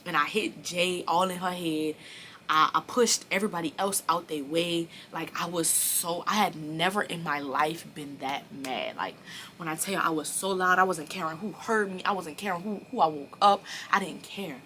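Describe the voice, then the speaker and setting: Young woman vlogger, fairly low voice with a forceful, bright edge, telling a profane storytime straight to camera. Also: normal speed, slight background noise. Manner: animated, profane storytelling that speaks straight to viewers. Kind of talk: storytime vlog.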